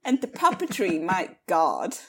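Lively, laughing woman chatting about films. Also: fairly low pitch, a little slow, husky. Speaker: podcast guest discussing films. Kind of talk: casual film chat.

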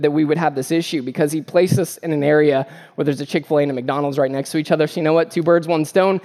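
A man's voice: on the high side, fast talker, a little mellow. A man preaching a sermon as pastor, earnest and emphatic, with repeated phrases and joking asides about family life.

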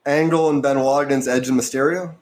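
A man with a mid-range voice co-hosts a casual chat show. He reads out a long list of results in a steady, matter-of-fact way. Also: mid-range voice, fairly quick. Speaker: podcast co-host. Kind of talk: reading out poll results.

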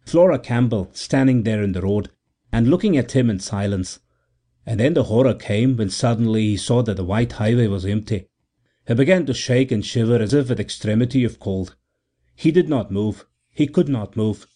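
A man narrating a classic story for an audiobook in a measured, steady way. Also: on the low side.

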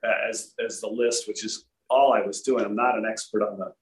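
Relaxed low-voiced man telling stories. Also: a little fast, rough recording. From Rhode Island. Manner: relaxed anecdotal, frequent restarts. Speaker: former tour golfer, guest. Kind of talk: casual storytelling chat.

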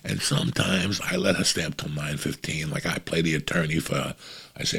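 Comedian type, man: deep husky voice, casual and profane, rambles through a story. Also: animated, moderate pace, sharp tone.

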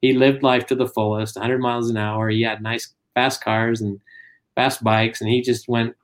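Man telling lively stories. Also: mid-range voice, normal speed. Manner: animated anecdotes, acts out quotes. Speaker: guest. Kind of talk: casual storytelling.

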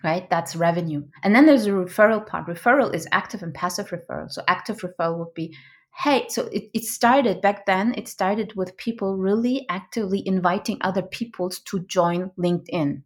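A woman guest on a podcast explaining ideas in a conversational way, thinking aloud with fillers, restarts and frequent "right?" checks. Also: medium pitch. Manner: restarts and self-corrections. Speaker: podcast guest, product expert.

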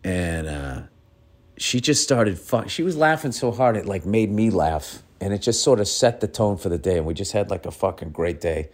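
Speaking at a normal speed in a low, expressive voice, this middle-aged man spins family tales. He's casual and foul-mouthed, wandering off track and often cutting himself off partway through a sentence.

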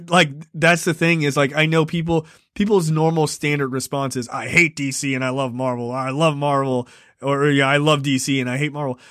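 A man's voice: mid-range voice, fairly bright tone, dry recording, studio quality. A man co-hosting a podcast in casual chat, rambling and emphatic, often laughing. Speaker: podcast co-host.

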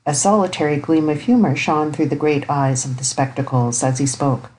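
Woman, audiobook narrator, low pitch, measured, even. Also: rough recording. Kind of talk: scripted narration.

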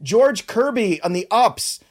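A man's voice: high voice, expressive. Man rattling off baseball stats. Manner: quick run-through of stats, laughs easily. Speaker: podcast host. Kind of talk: casual sports podcast chat.

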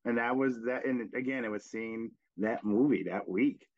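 A man hosting a casual podcast chat, telling reflective stories in an animated way. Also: mid-range voice, normal speed, no echo. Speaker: podcast host. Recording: dry, dull lo-fi sound.

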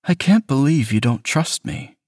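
A man's voice: mid-range voice, animated, moderate pace, darkish tone, no room sound, clean studio sound, pitched above the performer's own voice, close to an everyday voice. A man voicing a manipulative, decaying young boyfriend who talks in a smothering, coaxing way.

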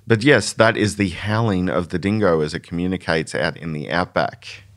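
A man's voice: low-pitched, moderate pace. An Australian man hosting a podcast, explaining in an informative, earnest and slightly lecturing way. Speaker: podcast host. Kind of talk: casual podcast chat.

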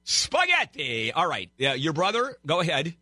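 A brash, wisecracking male radio host fielding callers and handing out blunt legal advice. His voice is bright and forceful, and the sound is dry and close. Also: mid-range voice, animated, normal speed, no echo.

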